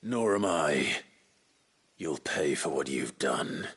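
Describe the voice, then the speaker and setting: Grim, deep-voiced Clive. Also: male voice, expressive, slow, a bit bright, exaggerated voice. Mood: cold. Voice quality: deep, gruff, restrained. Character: grim, stern young man, a branded warrior. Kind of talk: video game voice acting.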